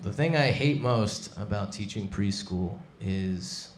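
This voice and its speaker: Deadpan male stand-up in an echoey club. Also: on the low side, slow, noisy background. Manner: deadpan, wry, conversational. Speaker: stand-up comedian. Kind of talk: live stand-up set. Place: comedy club stage. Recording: echoey club with loud crowd.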